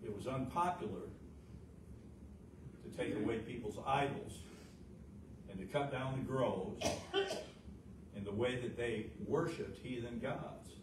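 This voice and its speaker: A middle-aged man preaching a folksy, fervent sermon as pastor, swinging from loud, high peaks down to a low, quiet voice, with frequent "uh" fillers. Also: measured pace, long pauses, recorded from a distance. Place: church sanctuary. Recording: roomy church sound from off the mic, noisy.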